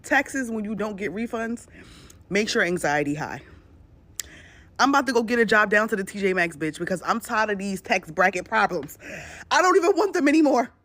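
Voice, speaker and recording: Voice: medium pitch, expressive, normal speed, bright, forceful tone. A speaker in a ranting social media clip, emotional and profane, joking and then taking it back.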